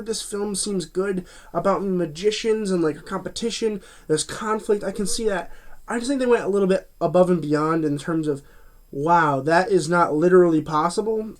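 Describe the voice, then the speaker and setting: Chatty, higher-pitched male movie reviewer. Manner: chatty, frequent fillers and restarts. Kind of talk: casual spoken review.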